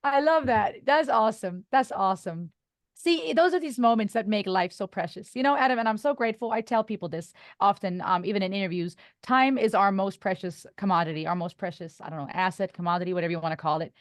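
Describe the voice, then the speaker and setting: An earnest woman hosting a podcast interview, her first language German. She muses reflectively and laughs easily. Her voice sits at a middle pitch and sounds dry and close. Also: fast talker, few pauses, no room sound. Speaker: podcast host.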